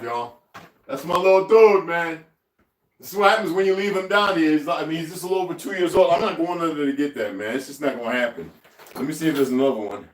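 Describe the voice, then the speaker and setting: Man, casual vlog, chatty, laughing, talking to his cat, slightly high voice, distant mic, echoey kitchen. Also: lively intonation, quick pace. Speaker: vlogger. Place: home kitchen. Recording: roomy, off-mic, faint noise.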